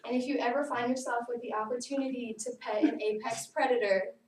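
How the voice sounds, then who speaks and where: A young woman giving a personal narrative speech to a class, lively and casual, often saying "like". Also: a little high, brisk. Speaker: student speaker. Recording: echoey room, far mic, faint noise.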